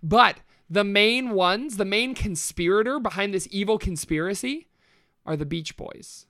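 A woman's voice: medium pitch, lively intonation, measured pace, a bit bright, no echo, studio quality. Laughing podcast co-host, woman. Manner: laughs easily, talks through ideas aloud. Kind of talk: casual comedic chat.

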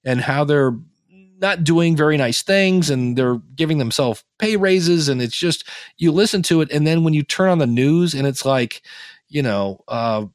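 In a casual interview chat, a podcast guest from Ohio plays out the reactions he quotes, telling stories with plenty of animation. His voice leans high and his speed is normal. The recording is dry and of studio quality.

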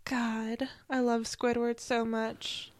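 A young woman co-hosting a podcast in casual chat, animated and laughing often. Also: on the high side, slow pace, slight background noise. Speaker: podcast co-host.

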